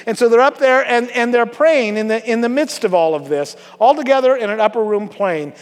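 High-voiced pastor in a reverberant hall. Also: male voice, brisk. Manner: conversational, joking with the congregation, many fillers. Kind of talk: sermon. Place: church sanctuary.

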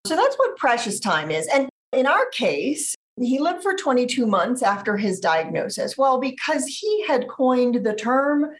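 A woman author being interviewed on a podcast, speaking in a measured, thoughtful way and slowing down to stress ideas. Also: fairly high pitch, big pitch swings.

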